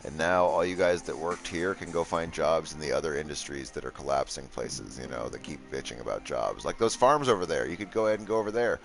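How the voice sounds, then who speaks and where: A man with a deep, gravelly voice runs live gameplay commentary. He jokes sarcastically and talks straight to his chat as he plays, with soft music underneath. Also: brisk, few pauses. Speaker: streamer.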